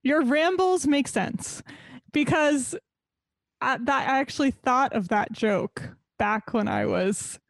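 A woman's voice: medium pitch, dry recording. A young adult woman co-hosting a podcast, bantering and laughing easily in casual chat. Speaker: podcast co-host.

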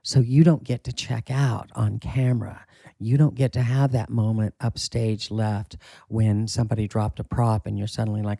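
A man talking as an acting coach in a casual interview, candid and emphatic, with a husky voice and the odd swear. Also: lowish voice, fairly even intonation, moderate pace, mellow, no room sound.

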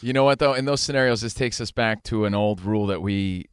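A man hosting a talk show, arguing his point in casual banter, animated and profane. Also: lowish voice, brisk, clean tone, no room sound, clean studio sound. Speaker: radio show host.

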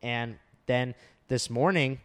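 A man's voice: medium pitch, slow, clean tone. A young man telling a story in casual chat, swearing often and full of fillers. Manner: animated storytelling, heavy swearing, many fillers.

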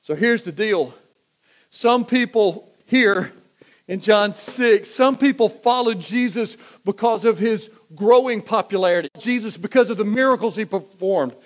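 A man's voice: high-pitched, unhurried. A man preaching a sermon, talking conversationally and building to emphatic repetition. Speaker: pastor.

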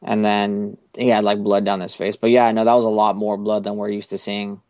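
A man's voice: lowish voice, flat delivery, fairly quick, darkish tone, no room sound, highs cut off. A young man hosting a podcast, recapping an anime episode in a loose, rambling way with casual swearing. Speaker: podcast host.

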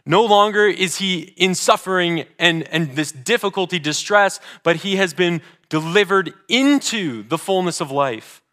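A man preaching a sermon as pastor, earnest, moving between emphatic declarations and hushed, slower readings of scripture. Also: sits high. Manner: reads scripture slowly and deliberately.

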